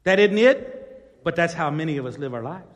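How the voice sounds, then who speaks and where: A male pastor preaching a sermon, dropping to quiet asides and then climbing to loud, emphatic questions. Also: on the high side, expressive, moderate pace, in a large hall.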